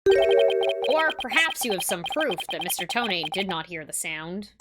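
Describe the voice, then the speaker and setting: A woman's voice: fairly low pitch, sing-song, unhurried, voice pushed down. A woman voicing an earnest young male defense lawyer, reading game dialogue aloud in a careful, questioning way. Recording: loud game music behind.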